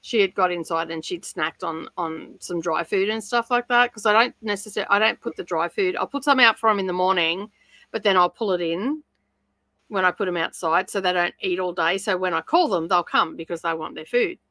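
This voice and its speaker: A woman's voice: lowish voice, a little fast, bright, forceful tone, no room sound, poor audio. A woman hosting a casual livestream chat from home, chatty and giggly, often rambling. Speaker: livestream host.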